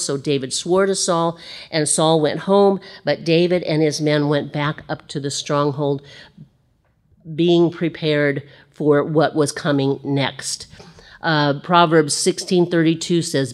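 Woman Bible teacher, low voice, conversational, expressive, casual asides. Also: a little slow.

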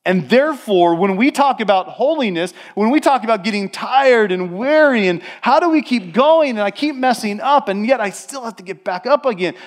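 A man in his thirties, a pastor preaching a sermon in a conversational way, acting out little quotes as he goes. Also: sits high.

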